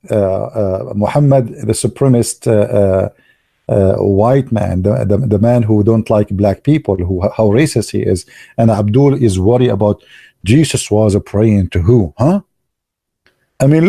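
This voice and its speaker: Gravelly-voiced man. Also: fairly low pitch, warm tone, no room sound, studio quality. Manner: halting, many fillers and restarts, sarcastic asides. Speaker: online commentator. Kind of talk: casual live commentary.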